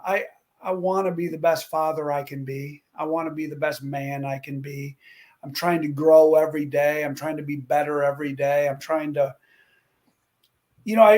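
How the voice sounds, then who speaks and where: A middle-aged man, a former stuntman and drag racer, chatting as a talk-show guest and telling animated stories. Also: a little high. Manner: animated storyteller who acts out quotes. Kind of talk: casual talk-show chat.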